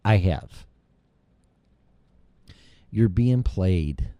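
A man's voice: low voice, lively intonation, drawn-out words, no room sound, muffled recording. A middle-aged man hosting his own show, delivering a heated, rambling monologue full of profanity. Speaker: show host. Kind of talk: ranting monologue.

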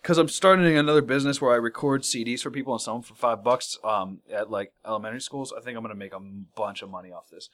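A man co-hosting a casual beer-tasting podcast, joking and breaking into loud sudden outbursts. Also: medium pitch, fast, hardly any pauses. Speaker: podcast co-host. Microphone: studio microphone.

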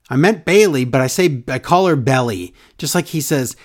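A man's voice: a little high, lively intonation, normal speed, few pauses. A man hosting a casual podcast, chatting animatedly and reading listener emails aloud with jokes. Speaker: podcast host. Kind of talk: casual wrestling podcast chat.

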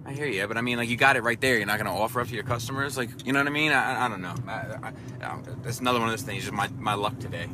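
A man's voice: medium pitch, racing, background noise. A man talking casually in a car, rambling and swearing, with a self-deprecating edge. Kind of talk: casual chat.

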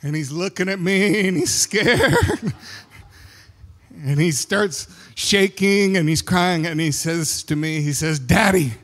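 A man's voice: high voice, takes it slowly, fairly bright tone. A middle-aged male pastor preaching a sermon, telling a family story with acted quotes and laughing at his own anecdotes. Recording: long hall reverb.

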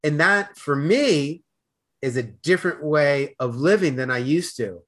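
A man with a Boston accent talking fast as a podcast guest, with stammered restarts and slurred words. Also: fairly high pitch, lively intonation, fairly bright tone. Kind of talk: casual conversation.

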